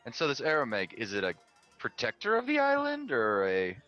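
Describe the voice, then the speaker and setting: Male player in a tabletop game, super lively pitch, bright voice, bit muffled recording. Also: a little fast, no room sound, faint music behind. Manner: curious, asks many questions, lively.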